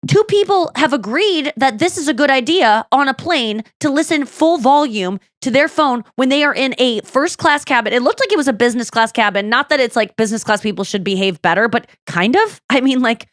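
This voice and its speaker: A woman hosting a comedy podcast in casual chat. She talks with animated, profane disbelief. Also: sits high, brisk, hardly any pauses, no echo, clean studio sound. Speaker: podcast host.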